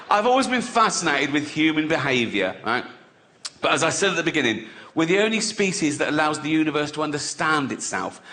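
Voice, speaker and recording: Giggling comedian on stage. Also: male voice, a little high, bright, forceful tone. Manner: laughs at his own jokes, swears freely. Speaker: stand-up comedian. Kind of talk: stand-up comedy set.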